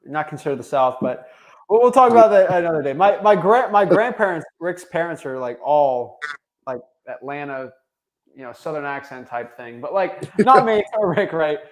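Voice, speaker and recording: A man's voice: fairly high pitch, expressive, moderate pace. A man from Florida hosting a coaching call, upbeat and talkative. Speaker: host and coach.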